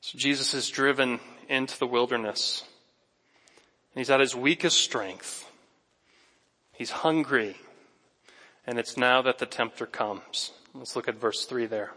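A male pastor preaching a sermon in a church sanctuary, conversational and animated, speaking directly to his congregation. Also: medium pitch, measured pace, pauses often, in a large hall.

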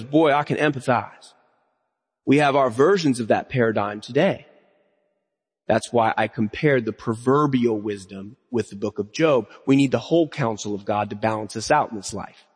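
A man's voice: mid-range voice, moderate pace, slightly rough. A man preaching a sermon, earnest and building to emphatic raised lines. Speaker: pastor. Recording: long reverb of a hall.

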